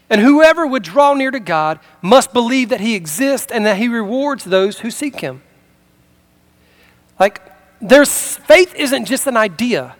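High-voiced man preaching casually. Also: a bit bright. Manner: casual storytelling, acts out dialogue. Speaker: pastor. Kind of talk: sermon with personal story.

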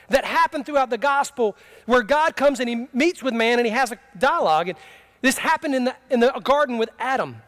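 A man's voice: extremely high pitch, a bit bright. A man preaching a sermon in a conversational, humorous way, telling a story from his own life and asking the congregation questions. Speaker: pastor.

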